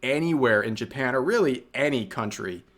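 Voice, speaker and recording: A man's voice: medium pitch, animated, moderate pace, a bit bright. A man giving casual, mocking reaction commentary on a video clip. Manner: mocking and sarcastic.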